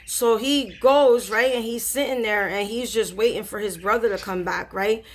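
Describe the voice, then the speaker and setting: A woman spiritual reader casually retelling a story in slangy, animated speech with lots of fillers. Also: fairly high pitch, moderate pace.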